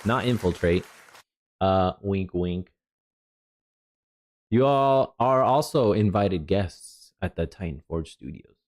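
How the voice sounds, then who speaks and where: A jet-lagged male streamer giving relaxed, rambling reaction commentary with chatty asides. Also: deep voice, slow, pauses often, some chatter behind. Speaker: streamer reviewing a developer stream.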